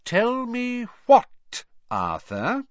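A man voicing a stern middle-aged mother who is dangerous when crossed, stressing each word slowly and menacingly. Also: very high-pitched, huge pitch swings, no room sound, pitched above the performer's own voice, full character voice. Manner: slow, menacing emphasis. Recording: dull lo-fi recording.

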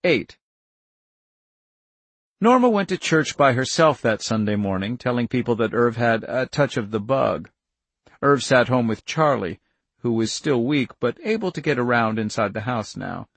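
A man narrating an audiobook in a measured, even storytelling manner. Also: mid-range voice, no room sound. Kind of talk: scripted narration.

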